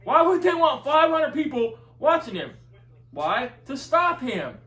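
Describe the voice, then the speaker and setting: A man with a high voice tells a heated, profane story in casual chat. He sits some way back from the mic. The room echoes around him. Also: sing-song, a little slow, pushed and bright, distant mic. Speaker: video commentator.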